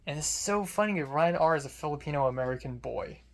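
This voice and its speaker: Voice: mid-range voice, lively intonation, a little fast. A young adult student filmmaker telling a casual vlog story in a rambling way, full of fillers and restarts.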